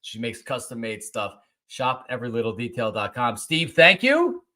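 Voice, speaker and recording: Male podcast host, bright tone, casual and upbeat. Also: medium pitch, big pitch swings, moderate pace. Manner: chatty, upbeat sign-off plugs. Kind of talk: casual chat.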